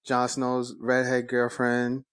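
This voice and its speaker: A man's voice: medium pitch, monotone, slow pace, smooth. A man co-hosting a podcast, chatting in a loose, laid-back way and laughing often. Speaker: podcast co-host. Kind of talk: casual chat.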